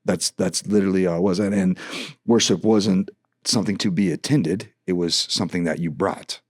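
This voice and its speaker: A man's voice: deep voice, normal speed, dry recording, studio quality. A middle-aged man, a worship leader, telling a story in a casual podcast conversation, acting out the dialogue as he goes. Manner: animated storyteller, acts out dialogue, frequent restarts.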